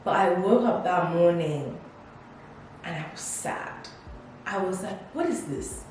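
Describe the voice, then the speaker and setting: A woman's voice: fairly low pitch, lively intonation, slow pace, a little mellow. A woman in her twenties chatting in a casual, reflective vlog, full of fillers and acted-out quotes. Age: 20s. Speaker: vlogger. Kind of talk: casual life-update vlog. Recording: distant mic in a very echoey room with faint noise.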